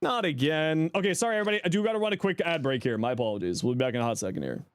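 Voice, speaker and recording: A man with a light Southern Ontario Canadian accent chats casually on a game stream, reading viewers' messages aloud and answering them. His medium-pitched voice is smooth and very fast, and his manner is animated and talkative.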